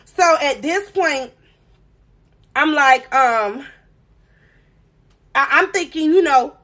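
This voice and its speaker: Young female live-stream host with a high voice, animated and dramatic storyteller. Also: takes it slowly. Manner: animated, dramatic retelling, reads chat aloud.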